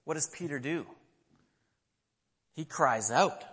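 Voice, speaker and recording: A man preaching a sermon, telling a story with lively acted-out quotes and questions to his listeners. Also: fairly high pitch, unhurried, pauses often, husky. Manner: animated storytelling, acting out quotes, asking the audience questions. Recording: long hall reverb.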